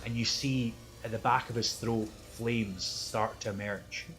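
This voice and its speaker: A man narrating a tabletop game as game master, lively and laughing often, with loose asides. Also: fairly low pitch, measured pace, soft background music.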